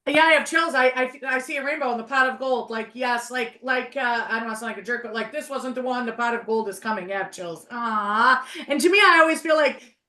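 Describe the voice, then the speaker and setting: A woman hosting a casual live stream as a psychic medium, bubbly and excitable, laughing often. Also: on the high side, brisk, hardly any pauses.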